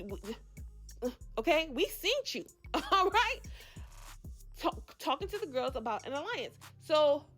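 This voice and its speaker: A woman's voice: high voice, vocal fry, a bit bright. A woman hosting a casual reality TV recap, chatty and sassy, laughing often as she talks to her viewers.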